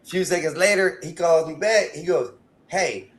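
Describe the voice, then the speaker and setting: A man with a somewhat high voice spins a long, rambling story on a casual podcast stream. He stammers and repeats himself, piling one detail on the next. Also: normal speed. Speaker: podcast host.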